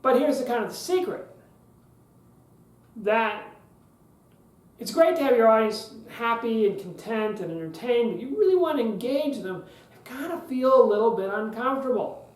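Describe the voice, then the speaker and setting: A man hosting a public speaking podcast, talking emphatically, repeating key phrases and leaving long pauses. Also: very high voice, expressive. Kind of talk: instructional podcast talk. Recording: roomy echo.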